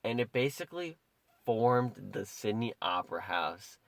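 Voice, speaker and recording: A man's voice: lowish voice, big pitch swings, measured pace, gravelly, no room sound. A young man co-hosting a podcast in casual chat, telling stories in a rambling way full of "like". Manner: rambling, filler-heavy storytelling with many "like"s. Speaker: podcast co-host.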